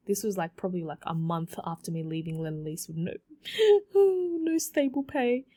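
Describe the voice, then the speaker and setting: Aussie woman rambling on her own podcast, slightly low voice, lots of likes and you knows. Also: moderate pace. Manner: chatty, animated, many fillers and repeats. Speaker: podcast host. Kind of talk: casual solo podcast storytelling.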